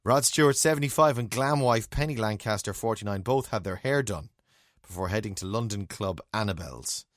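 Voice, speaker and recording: A man's voice: fairly low pitch, expressive, fairly quick, no echo, studio quality. A man co-hosting a podcast in casual chat, wry and joking. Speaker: podcast co-host.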